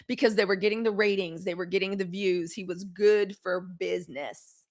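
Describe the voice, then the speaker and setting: On her live news commentary show, a middle-aged host responds to viewers' chat comments in a blunt, animated way, swearing as she goes. She talks at normal speed with a medium-pitched voice.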